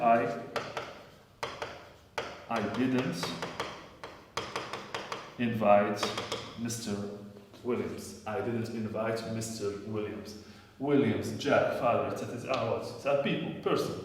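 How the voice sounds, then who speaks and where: Echoey teacher drilling English grammar. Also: male voice, medium pitch, slow, long pauses, noisy background. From Morocco. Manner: repetitive, drills phrases over and over. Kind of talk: classroom grammar lesson. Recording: echoey room, voice from a distance.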